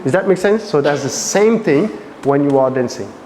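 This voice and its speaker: A man with a French accent teaching a dance workshop, animated and often checking that students follow. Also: on the high side, moderate pace, big-room sound, a little hiss or hum. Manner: animated, asks frequent check questions.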